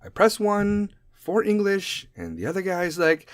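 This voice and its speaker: A man's voice: sits high, very animated, measured pace, hardly any pauses, dry recording, studio quality. A man hosting a podcast, ranting jokingly in a profane, rambling way about random thoughts. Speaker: podcast host. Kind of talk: solo comedic podcast rant.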